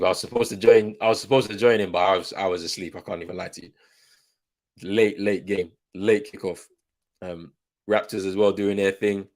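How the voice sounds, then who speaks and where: Deep-voiced man hosting a live watchalong. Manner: relaxed, chatty, reads out viewer comments. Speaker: host of a live football watchalong stream. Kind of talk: casual live-stream commentary and chat.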